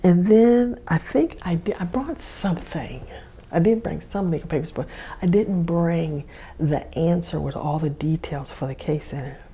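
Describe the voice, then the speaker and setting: A woman's voice: on the low side, normal speed, warm tone, breathy edge. A woman hosting a podcast, telling a personal story in a rambling, self-correcting way and chuckling often. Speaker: podcast host. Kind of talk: casual storytelling monologue.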